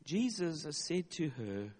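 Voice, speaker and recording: A man's voice: on the high side, big pitch swings, takes it slowly, a little mellow, slightly rough. A male pastor preaching a sermon, retelling a story dramatically with emphatic, repeated words. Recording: long hall reverb.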